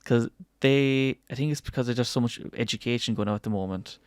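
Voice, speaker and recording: A man chatting on a podcast, animated, laughing often and acting out what other people say. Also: mid-range voice, fairly quick, clear, resonant tone, no room sound. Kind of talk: casual podcast chat.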